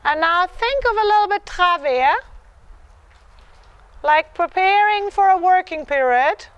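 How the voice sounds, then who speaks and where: This dressage clinician's very high, light voice comes through a muffled recording with no echo as she coaches a rider live. Animated and a little slow, she offers warm, focused encouragement in bursts, says "yes" again and again, and sings the horse's rhythm.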